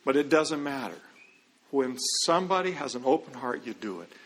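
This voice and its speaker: A man's voice: mid-range voice, lively intonation, moderate pace, a bit bright. A middle-aged man giving an earnest, conversational testimony as a Christian businessman, with quoted dialogue. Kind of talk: storytelling testimony. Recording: long hall reverb.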